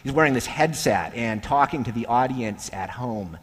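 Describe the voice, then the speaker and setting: A pastor preaching a sermon in a slow, measured way, with long pauses, sometimes dropping to a hushed voice. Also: male voice, medium pitch, animated, husky. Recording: echoey hall with long reverb.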